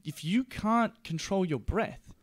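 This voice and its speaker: A young man hosting a casual podcast chat, explaining in an animated way and acting out little voices as he goes. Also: sits high, slow pace, dry recording. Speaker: podcast host.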